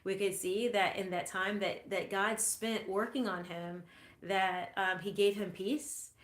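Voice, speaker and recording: An earnest, reflective woman talks through a Bible passage at an unhurried pace. Her voice sits at a middle pitch for a woman. The recording has a noticeably roomy echo. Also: steady tone. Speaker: podcast host teaching scripture. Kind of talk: Bible teaching talk.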